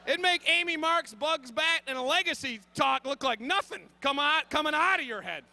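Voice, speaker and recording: A man in his thirties telling a comic story on stage, animated and frantic, bursting into shouts. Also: very high voice, moderate pace, gravelly. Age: 30s. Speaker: comedian.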